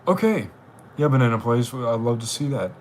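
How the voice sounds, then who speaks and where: Casual male streamer, mid-pitched and rambling, with a faint hiss in the background. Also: lively intonation, normal speed. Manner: rambling, chatty. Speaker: livestream host. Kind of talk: casual live-stream chat.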